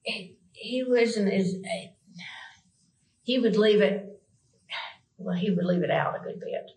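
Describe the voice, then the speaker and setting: A woman's voice: mid-range voice, slow, a little mellow, reverberant, poor audio. A woman with a Southern US accent, answering questions in a police interview, rambling and hesitant with many fillers.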